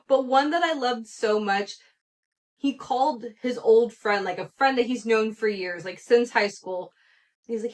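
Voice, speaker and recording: A woman hosting a casual solo gossip podcast, chatty and animated, laughing often and acting out the people she quotes. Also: fairly high pitch, moderate pace. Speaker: podcast host.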